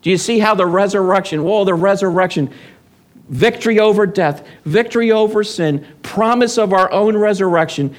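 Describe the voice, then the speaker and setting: A man preaching a sermon as pastor, emphatic, asking the congregation questions and answering them. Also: high voice. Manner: emphatic, rises and falls with call-and-response questions.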